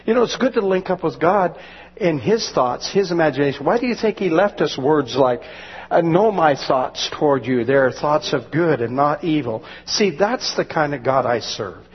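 A man's voice: on the high side, animated, moderate pace, husky. A male pastor preaching a sermon with fervent, rising exclamations. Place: church sanctuary. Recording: dull lo-fi church recording with long reverb.

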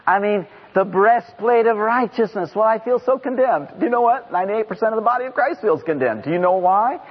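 A middle-aged man giving an impassioned sermon as a guest preacher in a church, at times rising to shouts. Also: high-pitched, husky. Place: church sanctuary. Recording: dull lo-fi sound in a reverberant hall.

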